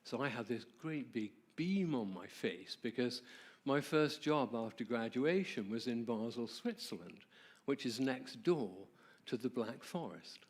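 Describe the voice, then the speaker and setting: A man tells a personal story to a church audience in a warm, conversational way. His voice sits at an ordinary middle pitch. He often turns to the listeners with questions. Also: animated, measured pace. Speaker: marriage ministry presenter.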